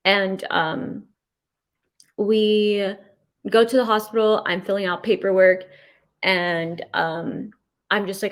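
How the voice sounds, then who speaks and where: Woman guest, mid-pitched, telling a hard story with restarts and hesitations. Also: fairly even intonation. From California. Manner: emotional, halting, with many restarts. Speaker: interview guest. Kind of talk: personal testimony in an interview.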